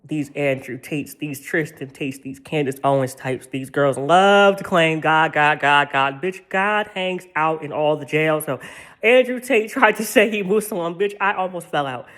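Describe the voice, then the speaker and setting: Sassy woman ranting into her camera, cussing a lot, voice on the lower side. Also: a little slow. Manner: profane, sassy, animated, laughing often. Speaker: vlogger. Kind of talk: ranting casual monologue.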